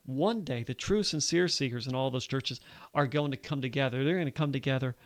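A man from Alabama, an earnest Bible teacher on a radio show, explaining scripture in conversation and reading verses aloud slowly. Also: medium pitch, no echo.

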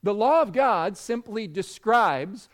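Brief: male pastor, slightly higher voice, unhurried sermon delivery with lots of swing in pitch. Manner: animated storytelling preacher.

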